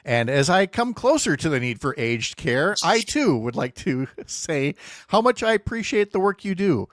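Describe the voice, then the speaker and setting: Wry, lively man hosting radio. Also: fairly high pitch, moderate pace, no room sound, clean studio sound. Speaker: radio morning show host. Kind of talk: casual radio chat. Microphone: studio microphone.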